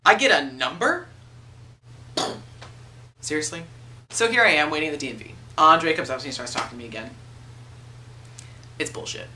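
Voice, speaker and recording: Young man, early twenties, animated vlog storyteller, bright tone, slightly distant mic with faint hum. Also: a little high. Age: 20s. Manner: animated, swears freely, acts out quoted people. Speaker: video blogger. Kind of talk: casual storytelling rant.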